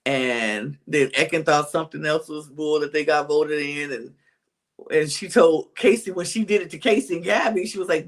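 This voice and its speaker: A podcast co-host recaps reality TV in casual chat, using a mid-range voice at normal speed. The stories come out animated, with quotes acted out.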